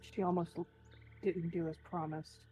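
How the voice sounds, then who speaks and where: A woman's voice: lowish voice, flat delivery, moderate pace, mellow, soft background music, natural voice, rough recording. A woman voicing a guarded girl soldier who answers in short, clipped lines. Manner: terse, clipped.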